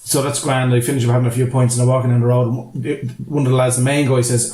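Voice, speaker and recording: A man's voice: medium pitch, little pitch movement, fast, dark tone, roomy sound. A man co-hosting a casual movie podcast, telling a long film plot in a rambling way and swearing freely. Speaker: podcast co-host.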